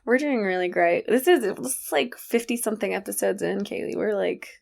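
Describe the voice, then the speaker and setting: Hoarse, gravelly woman podcast host. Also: medium pitch, expressive, a little fast, darkish tone. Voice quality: raspy. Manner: laughs often, chatty and rambling. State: hoarse from yelling. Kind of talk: casual chat.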